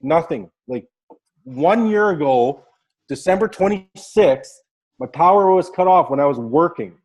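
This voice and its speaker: A man's voice: a little high, a little mellow, breathy edge. A man on a group video call sharing a heartfelt, fervent motivational testimony, repeating "like" often and getting choked up. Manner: fervent, gets choked up, heavy use of "like". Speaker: team member sharing wins on a group call.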